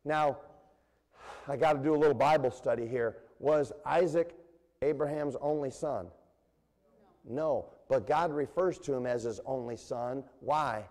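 A man preaching a sermon to his congregation, animated and engaging them with questions. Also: medium pitch, unhurried. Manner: animated preaching with call-and-response and playful voices. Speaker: pastor. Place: church sanctuary. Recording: long reverb of a church hall.

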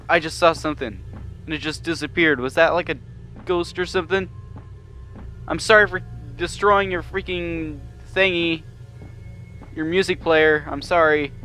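A man's voice: on the high side, pushed and bright. Jumpy young-sounding man narrating gameplay. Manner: jumpy, nervous, swears mildly, yelps when startled. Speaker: gamer playing a horror game. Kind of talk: let's-play commentary.

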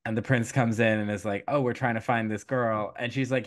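Man retelling a folktale, animated. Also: mid-range voice. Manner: animated storytelling, quick quoted voices, frequent laughs and fillers. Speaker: podcast host retelling a folktale. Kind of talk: casual chat.

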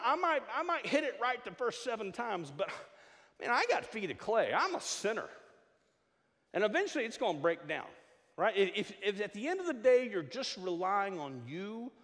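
A middle-aged man preaching from the pulpit, his voice leaping up and down in pitch as he jokes and trips over restarts. His voice sits a bit high for a man. A long reverb hangs after each phrase in the church sanctuary. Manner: animated, jokey preaching with frequent stammered restarts. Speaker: pastor. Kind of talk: sermon.

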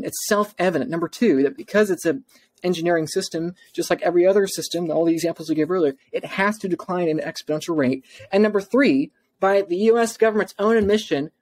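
A man's voice: high-pitched, a little mellow. A man speaking as a podcast guest, emphatic and insistent, stumbling over his words in his rush to make his point. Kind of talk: podcast interview talk.

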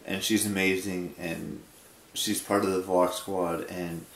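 A man in his twenties talking casually in a late-night vlog, sleepy and rambling, with halting restarts. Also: low-pitched, flat delivery, a bit bright, reverberant. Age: 20s. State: sleepy, yawning. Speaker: vlogger.

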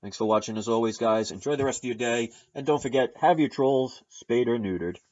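A man's voice: mid-range voice, brisk, a little mellow, muffled recording. A man hosting his own opinion vlog, delivering an emphatic, sarcastic rant to his viewers. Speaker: channel host.

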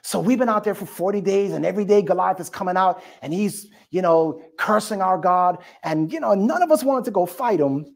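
A male pastor preaching a sermon, telling the story with lively call-and-response to the congregation. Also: high voice, brisk, vocal fry, few pauses.

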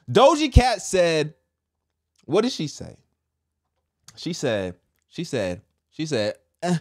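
A man hosting casual commentary, animated and repetitive, talking straight to his viewers. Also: medium pitch. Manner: animated, repeats himself, talks straight to viewers. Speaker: commentary host.

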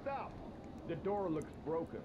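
A man's voice: a little high, very animated, measured pace, very noisy. An actor playing a suspicious male border guard who probes and questions. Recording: dull game audio under loud ambience.

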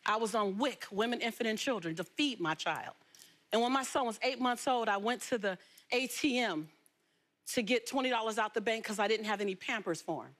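A woman from Los Angeles, a talk show guest telling her life story in an animated, emphatic way. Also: on the high side, brisk. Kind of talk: storytelling interview.

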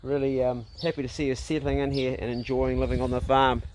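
A man's voice: medium pitch, little pitch movement, brisk, a little mellow, slight background noise. A middle-aged man, chatting casually outdoors on his farm and coaxing his dogs and ducks. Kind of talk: casual farm vlog talk.

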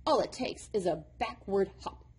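A woman's voice: medium pitch, moderate pace, breathy edge. A woman voicing an impish, impatient male number devil who lectures like a know-it-all, in a storybook reading. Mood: lecturing.

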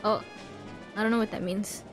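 A woman's voice: medium pitch, fairly even intonation, normal speed, music in the background. A woman casually commenting on her own gameplay, chatting back at the characters on screen. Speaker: let's play host.

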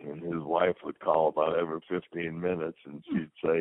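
His voice is a rumbling low with little pitch movement, delivered at normal speed. The older former football player, guesting in an interview, rambles through casual anecdotes and acts out conversations, recorded dry and lo-fi as if over a phone.

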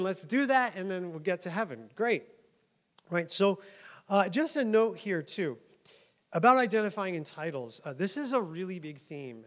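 A pastor from New York preaching a conversational sermon, often laughing and checking in with "right?". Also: male voice, a little high. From New York, USA. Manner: chatty, laughs often, keeps asking "right?".

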